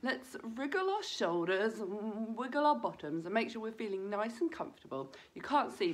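A woman leading a children's breathing lesson, talking gently and encouragingly straight to the kids. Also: mid-range voice, very animated, moderate pace, hardly any pauses.

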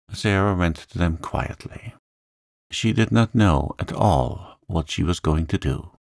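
A man narrating a classic novel as a calm, gentle sleep story. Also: sits low, gravelly, no room sound, clean studio sound.

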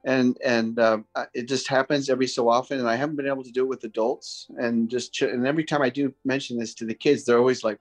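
A man sharing a personal story on a group video call, earnest and a little hesitant, with pauses and fillers. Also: mid-range voice, steady tone, soft background music. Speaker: participant sharing a topic.

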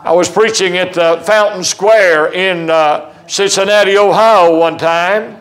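A man's voice: high voice, fairly even intonation, measured pace, fairly bright tone, poor audio. A man preaching a sermon in a church, emphatic and full of stories and quoted dialogue. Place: church sanctuary.

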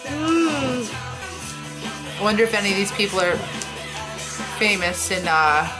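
A woman in her thirties, a vlogger chatting casually and reacting out loud as she watches a movie at home. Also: medium pitch, very animated, measured pace, over music. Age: 30s. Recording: movie soundtrack playing behind.

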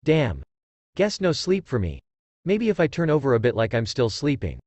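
A man's voice: mid-range voice, wildly swooping pitch, normal speed, a little mellow, no room sound. A man reading aloud and voicing a brash, grumpy teenage boy ninja. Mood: grumbling.

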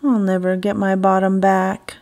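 A woman voicing a bottomless male robot who cries out loudly and high as he hunts for his lost part in a storybook. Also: level tone, measured pace, lightly acted. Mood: upset.

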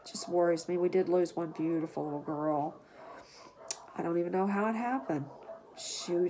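A woman with a lowish voice narrates while she tends to puppies. She chats casually to viewers and coos gentle baby talk at the dogs, with faint household noise behind. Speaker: dog breeder.

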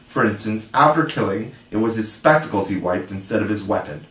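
A man's voice: on the low side, lively intonation, fairly quick, fairly bright tone. A man reading a classic children's novel aloud as an audiobook narrator. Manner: storytelling reading. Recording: echoey room, from far off.

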